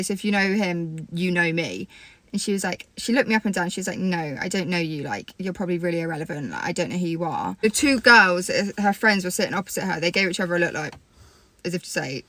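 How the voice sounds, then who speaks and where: Woman, twenties, rapid animated story-time creator. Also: mid-range voice. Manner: animated, swears freely, fast storytelling. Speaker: social media creator.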